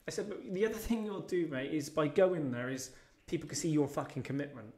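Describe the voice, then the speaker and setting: An earnest man talks quickly in a slightly high voice and chimes in often with agreement. He is recorded in an echoey room during a relaxed podcast chat. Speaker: podcast guest.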